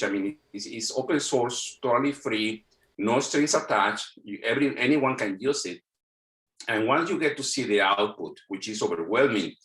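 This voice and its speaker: A man's voice: on the low side, a bit bright. A middle-aged man from Mexico with a Mexican accent, speaking English as a second language. He is a guest telling stories animatedly, with many restarts and repeated words, over a video call. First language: Spanish. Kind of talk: casual storytelling interview. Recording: roomy echo.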